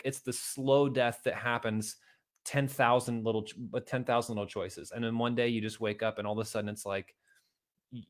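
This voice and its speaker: A middle-aged man giving a motivational talk to his viewers, earnest and repetitive, rising to emphatic outbursts. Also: on the low side. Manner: earnest, repeats himself, builds to emphatic outbursts. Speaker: motivational video host.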